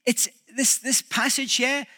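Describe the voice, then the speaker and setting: A male pastor preaching a reflective sermon, pausing and restarting as he thinks aloud. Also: very high voice, fairly even intonation, bright, forceful tone.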